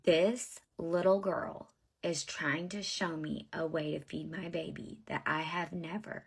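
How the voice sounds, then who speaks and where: Her voice sits low and unhurried, fairly even in intonation, with vocal fry and a breathy edge. She's a woman in her thirties recounting her own story directly to viewers as y'all, blunt, profane, and exasperated in a casual monologue.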